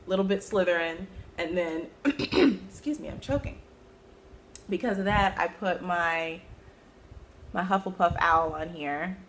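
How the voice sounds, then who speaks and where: A woman hosting her own knitting podcast, chatting casually about her projects and breaking into sudden high-pitched exclamations. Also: slight background noise. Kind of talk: casual chat.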